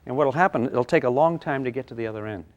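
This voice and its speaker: An older man teaching a physics class, lively and playful, with sound effects and acted asides. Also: medium pitch, fast talker, highs cut off. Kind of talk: classroom lecture at a whiteboard.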